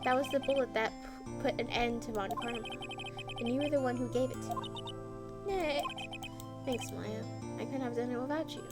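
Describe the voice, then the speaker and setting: A woman's voice: on the high side, normal speed, over loud music, close to an everyday voice. Phoenix Wright, read by a woman. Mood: earnest. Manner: reading game dialogue aloud, mild and earnest. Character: young male defense lawyer, earnest and flustered.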